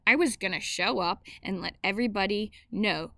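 A woman reading a novel aloud in steady first-person narration, with small slips she corrects as she goes. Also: mid-range voice, normal speed, creaky, dry recording.

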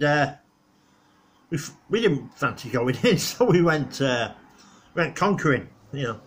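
A middle-aged man with a husky, slightly rough voice. He talks to his own channel in a loose, rambling way, filling gaps with "you know" and "uh". His pitch sits in an ordinary middle range, and he chuckles at his own tales. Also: a bit bright. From northwest England. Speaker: vlogger. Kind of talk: casual rambling reminiscence.

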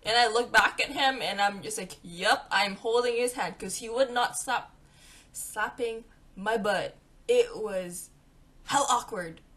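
A young woman vlogging a storytime, chatty and animated, acting out what her friends said. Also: a little high, measured pace. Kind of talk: storytime vlog.

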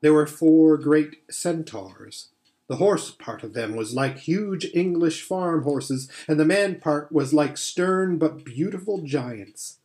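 A man reading a children's fantasy novel aloud in a measured, steady way, with the odd slip. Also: on the high side. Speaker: audiobook reader. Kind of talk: storybook narration.

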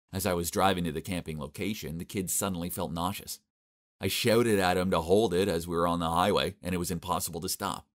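Deep-voiced exasperated male narrator. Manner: exasperated, complaining. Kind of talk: scripted narration of an animated story.

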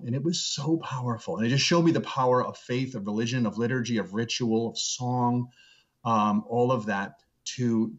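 Earnest low-voiced man on a dull call. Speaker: guest, seminary professor. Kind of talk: reflective interview storytelling. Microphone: video call. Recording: dull lo-fi video call audio.

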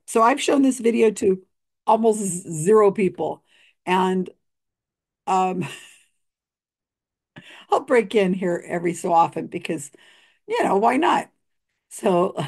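A woman's voice: mid-range voice, animated, takes it slowly, long pauses, a little mellow, slightly rough. A tired woman hosting a casual video commentary, chatty and laughing often between fillers. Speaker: video host reviewing a psychic reading.

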